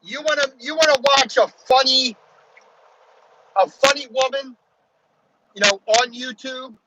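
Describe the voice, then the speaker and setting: A man from Baltimore with a very high-pitched voice talks casually from his truck cab. He rambles, restarting sentences and dropping "you know" often. Heavy engine and road rumble fills the background. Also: unhurried. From Baltimore, USA. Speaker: truck driver. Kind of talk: casual vlog talk while driving.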